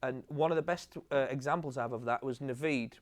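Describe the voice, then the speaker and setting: Director, mid-pitch man, storyteller type, acts out lines, casual swearing. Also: brisk. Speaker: TV comedy director giving a masterclass. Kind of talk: anecdotal stage conversation.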